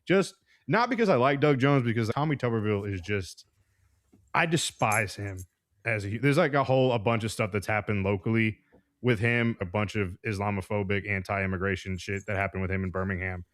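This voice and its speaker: A man's voice: on the low side, fairly quick, dry recording, clean studio sound. A man from Alabama, a podcast guest, talking politics in casual chat with blunt, profane bluntness.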